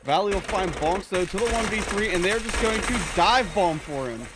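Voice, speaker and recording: A man's voice: high voice, lively intonation, normal speed, very noisy. A man giving laid-back, analytical color commentary on an esports match. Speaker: esports co-caster.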